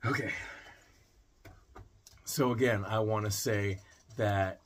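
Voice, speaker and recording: A man's voice: fairly low pitch, steady tone, slow pace, background noise. A man hosting a pet video channel, talking to camera in an earnest, heartfelt way with small restarts. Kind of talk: casual vlog talk to camera.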